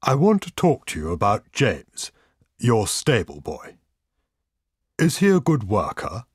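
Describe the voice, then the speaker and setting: A man reading a kindly, measured squire. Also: lowish voice, wildly swooping pitch, husky, dry recording, clean studio sound, exaggerated voice. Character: kindly gentleman squire, calm and authoritative.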